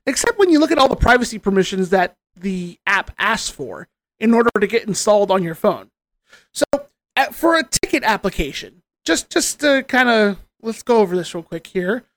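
A man's voice: high voice, big pitch swings, normal speed, fairly bright tone, no room sound. A man hosting a casual podcast, venting with sarcasm and casual swearing. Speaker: podcast host.

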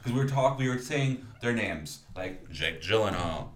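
A man's voice: on the low side, lively intonation, normal speed, roomy sound. A man co-hosting a podcast, chatting casually with lots of swearing, rambling asides and frequent laughter. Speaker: podcast co-host.

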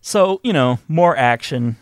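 A man co-hosting a casual movie-review podcast, jokey and profane, often breaking into loud mock voices. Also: mid-range voice, animated, measured pace, dry recording, clean studio sound. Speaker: podcast co-host.

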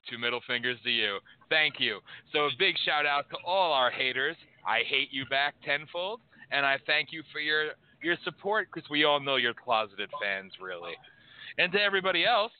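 A man hosting a call-in political radio show on a headset, ranting in a brash, profane, sarcastic way. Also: medium pitch. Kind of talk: casual political radio chat. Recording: tinny phone-like audio.

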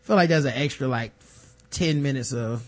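A man co-hosting a casual podcast chat, animated and profane, acting out the people he quotes. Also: medium pitch, moderate pace. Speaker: podcast co-host.

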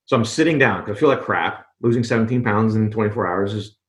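A man's voice: lowish voice, quick pace. A man in a casual interview, telling a story conversationally and checking in with "right?" and "you know". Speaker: podcast guest.

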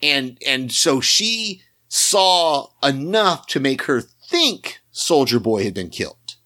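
A man's voice: medium pitch, big pitch swings, slow pace, sharp tone. A man co-hosting a podcast, chatting casually about a TV episode and restarting his sentences often. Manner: rambling, many restarts and fillers. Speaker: podcast co-host. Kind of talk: casual TV recap chat.

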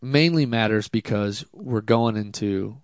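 A man, a drift driver, telling a casual story in an interview, animated and self-deprecating, with many fillers. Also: fairly low pitch, measured pace, clear, resonant tone, dry recording, clean studio sound.

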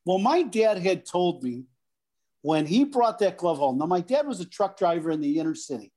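A man's voice: sits high, moderate pace. A middle-aged man, a former pro baseball player, casually telling stories as a guest and acting out the voices in them. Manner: animated, acts out voices in anecdotes. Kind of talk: casual storytelling.

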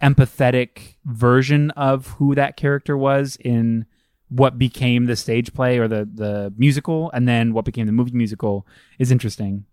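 A man's voice: medium pitch, steady tone, normal speed, a little mellow, smooth, dry recording, studio quality. Enthusiastic man rambling on a podcast. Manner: enthusiastic, rambling with many fillers. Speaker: podcast co-host. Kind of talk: casual chat.

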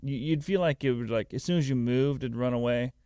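A man's voice: mid-range voice, brisk, warm tone, clear, resonant tone, no echo, studio quality. A young man co-hosting a podcast in casual chat, reading news stories aloud and asking questions. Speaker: podcast co-host.

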